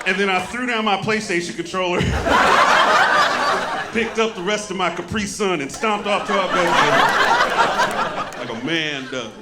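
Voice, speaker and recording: A man in his thirties doing a stand-up set with a loud, profane, punchy delivery on a handheld mic. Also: high voice, lively intonation, normal speed, very noisy. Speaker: stand-up comedian. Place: comedy club stage with a live audience. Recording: roomy live club with loud crowd. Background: audience laughter.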